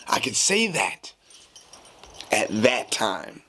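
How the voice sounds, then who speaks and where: A man hosting a podcast, telling a casual story in a slangy, animated way and acting out the dialogue. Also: on the low side, moderate pace, vocal fry. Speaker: podcast host.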